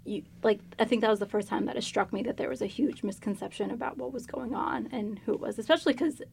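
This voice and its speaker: A woman's voice: fairly high pitch, quick pace, creaky, a little mellow, a little hiss or hum. A young woman in casual conversation, chatty and rambling, full of fillers. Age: young adult.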